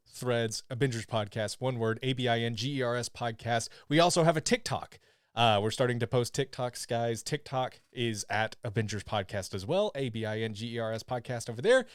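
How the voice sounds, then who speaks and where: A man's voice: lowish voice, smooth, no echo, studio quality. A man hosting a casual podcast, joking and swearing as he plugs the show's social media. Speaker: podcast host.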